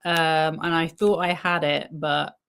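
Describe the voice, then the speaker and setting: A woman's voice: deep voice, level tone, vocal fry, fairly bright tone, smooth. A woman hosting a live stream, giving critical commentary and talking directly to her viewers. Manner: unhurried, critical asides to viewers. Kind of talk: casual commentary on a research stream.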